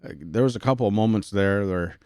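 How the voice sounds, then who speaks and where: A man commentating a sim racing broadcast, excitable and out of breath, with stammering restarts. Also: on the low side, fairly quick, clean tone, no echo, studio quality. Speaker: race commentator.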